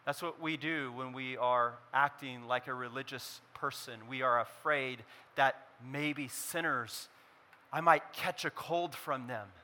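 Bright-voiced man preaching a sermon. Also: mid-range voice, measured pace. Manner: preaching with wide swings between loud emphasis and quiet intensity. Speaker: pastor.

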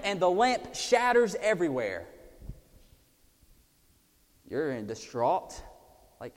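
Male preacher, higher pitch, unhurried sermon delivery with big dynamic swings, long hall reverb. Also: lively intonation. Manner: swings from loud emphasis to hushed near-whispers.

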